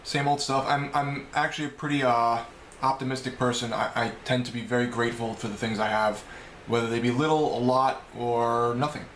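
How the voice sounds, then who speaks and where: In a casual vlog, a New York-accented video blogger talks to his camera from a home room, rambling chattily and correcting himself as he answers a list of questions. His ordinary middle-pitched voice is steady, a bit bright and a little fast. The room sounds roomy and echoing, with a faint hum of ambience behind him.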